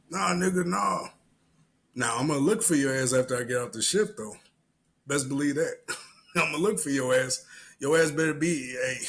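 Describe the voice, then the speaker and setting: A man hosting a solo podcast, telling animated, profane stories and giving his opinions. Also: fairly high pitch, low-quality recording. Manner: profane, animated storyteller who acts out other people's lines. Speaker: podcast host. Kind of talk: solo podcast commentary and storytelling.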